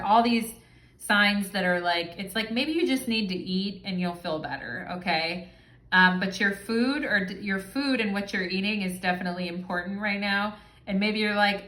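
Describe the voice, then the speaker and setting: A woman's voice: medium pitch, fairly bright tone. Chatty woman reading tarot in a roomy space. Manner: chatty, frequent "okay?" check-ins, casual swearing. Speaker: tarot reader. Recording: roomy echo.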